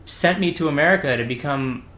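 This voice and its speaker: A man's voice: fairly high pitch, fairly quick, sharp tone. A man voicing a boastful young male sailor who tells tall tales in a matter-of-fact way. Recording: roomy room echo, faint background noise.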